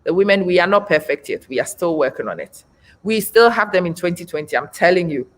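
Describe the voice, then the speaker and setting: A woman's voice: on the low side, animated, a little fast. A woman in her forties hosting a live stream, speaking bluntly and emphatically, repeating her points for effect. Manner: blunt, frank. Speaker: host. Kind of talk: live-stream talk, reading viewer comments.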